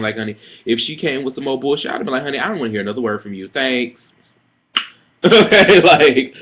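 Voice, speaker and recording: A man's voice: mid-range voice, slightly rough. A young man telling a story about a petty coworker in a sassy, profane, dramatic rant, like a casual vlog. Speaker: vlogger. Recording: dull lo-fi webcam audio.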